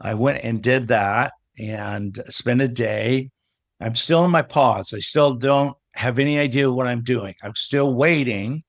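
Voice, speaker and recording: A man's voice: mid-range voice, measured pace, dry recording, clean studio sound. A middle-aged man, a business coach, tells a personal story as a guest in a casual interview, acting out the lines of the people in it. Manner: animated storyteller who acts out remembered dialogue.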